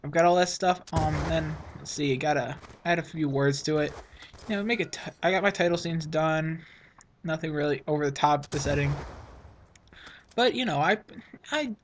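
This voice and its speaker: A man's voice: a little high, moderate pace, a little hiss or hum. A teenage boy giving rambling, self-mocking commentary over his own gameplay, sniffling from a runny nose. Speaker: gaming channel host.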